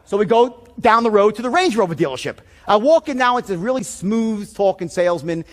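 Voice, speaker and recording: A middle-aged man giving a sales seminar, telling stories in an animated, blunt way full of profanity. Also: high-pitched, fairly quick. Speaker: sales trainer. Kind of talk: seminar talk.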